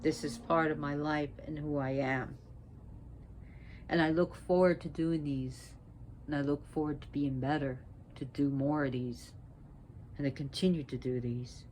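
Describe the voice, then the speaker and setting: A woman speaking as a priestess, sick and short of breath, talking in a slow, halting way with restarts. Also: deep voice, fairly even intonation, darkish tone, slight background noise. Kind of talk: spoken talk on mythology.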